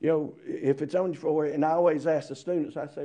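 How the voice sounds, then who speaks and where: A man preaching a sermon with a somewhat high voice. He talks with emphasis and keeps firing rhetorical questions at the young people. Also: steady tone, fast talker, hardly any pauses, dark tone, dull audio.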